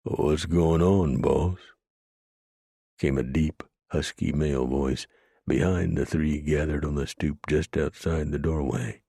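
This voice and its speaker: Male audiobook narrator, extremely low voice, gravelly, steady grave storytelling, close dry mic. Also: measured pace, no room sound.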